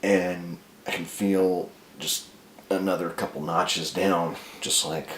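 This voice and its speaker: A man telling a dark, comic story about himself in a crude, profane, rambling way. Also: deep voice, steady tone, slow, reverberant, slight background noise.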